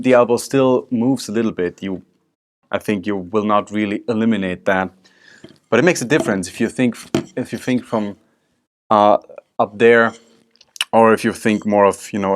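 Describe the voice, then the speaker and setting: A man's voice: fairly low pitch, fairly even intonation, normal speed, long pauses, a little hiss or hum. A man teaching a drum technique lesson, explaining step by step while he demonstrates. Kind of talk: instructional video lesson. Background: drum strokes and music.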